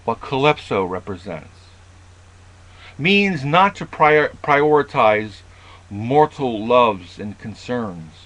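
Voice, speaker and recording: A man delivering a reflective philosophical monologue to camera. He talks slowly and deliberately, at a middling pitch, and now and then restarts a word mid-thought. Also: big pitch swings, a bit bright, rough recording. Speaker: video essayist.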